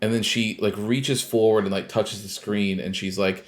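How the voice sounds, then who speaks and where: A podcast co-host casually recaps a video game scene, retelling it with lots of fillers and quoted lines. He speaks at a normal speed in a lowish, flat voice.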